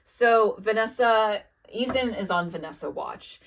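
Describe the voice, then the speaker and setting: A young video essayist walks through a TV show in a loose, profane recap. Her medium-pitched voice is animated but a little slow, peppered with "like" and "um" as she quotes characters offhandedly.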